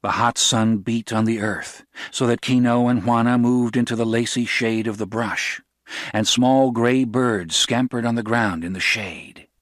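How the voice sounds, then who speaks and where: A man narrating a novel as an audiobook, in a steady, even storytelling voice. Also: mid-range voice, unhurried, no echo, studio quality.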